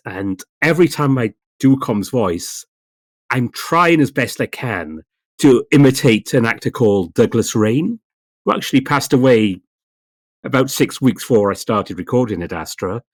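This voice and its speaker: A man voice actor chatting on a podcast in a thoughtful, steady way. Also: mid-range voice, moderate pace, no echo, studio quality. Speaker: voice actor guest. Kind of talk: casual podcast chat.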